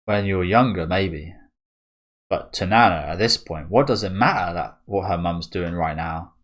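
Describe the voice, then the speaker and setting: A young man with a deep, fairly bright voice hosts a manga reaction video at a normal pace. He chats casually and thinks out loud, dropping fillers and little chuckles along the way.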